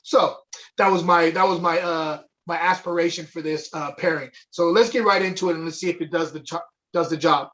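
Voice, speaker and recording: High-pitched guy, chatty and excited, going over wine on a livestream. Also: brisk. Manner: enthusiastic, chatty, with fillers. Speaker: wine tasting co-host. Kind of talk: live online wine tasting chat. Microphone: webcam or desk mic on a video stream.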